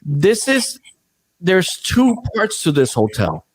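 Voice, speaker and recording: A man's voice: sits high, huge pitch swings, takes it slowly, slightly rough. A man casually telling a story on a podcast, swearing freely and acting out what other people said.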